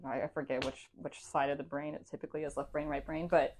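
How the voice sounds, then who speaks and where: A woman's voice: low voice, little pitch movement, fast, a little mellow. Chatty woman rambling about dance. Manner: rambling, self-correcting, laughs often. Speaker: podcast guest dancer. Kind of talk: casual chat.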